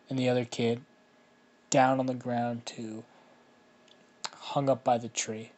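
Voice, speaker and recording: A man narrates an improvised fan story in a mid-pitched voice, drifting along slowly. He rambles, restarts and fills gaps with "uh" and "like" as he goes. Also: flat delivery, darkish tone. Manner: rambling, many fillers and restarts.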